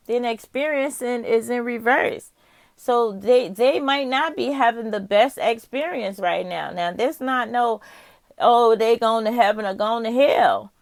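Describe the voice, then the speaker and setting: A woman's voice: fairly high pitch, a little slow, vocal fry, no echo. A woman doing a casual tarot reading, talking straight to the viewer, candid and profane, musing aloud. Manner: candid and profane, with frequent laughs. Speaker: tarot reader.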